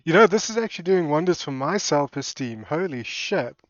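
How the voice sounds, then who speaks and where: A man's voice: a little high, expressive, fairly quick, no echo. A laid-back man chats through a reaction stream, swearing casually. The sound is a little dull, and the room is dry and close. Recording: dull, dry home mic.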